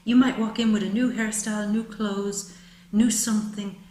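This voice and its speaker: A woman doing a tarot reading to camera, emphatic and soothing, calling the listener "baby" and "my love", sometimes dropping to a soft whisper. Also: medium pitch, steady tone, moderate pace. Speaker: tarot reader. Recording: roomy with faint ambient noise.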